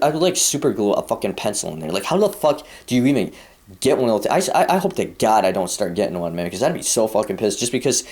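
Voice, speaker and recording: A young American vlogger rants in a crude, profane, rambling monologue. His voice sits on the low side and is a little mellow.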